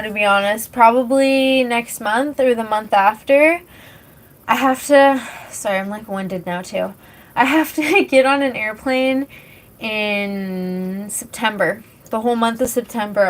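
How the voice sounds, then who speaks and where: A woman's voice: medium pitch, rough recording. A young woman from British Columbia, streaming and chatting casually with her chat, rambling with lots of fillers and casual swearing. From British Columbia, Canada. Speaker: live streamer.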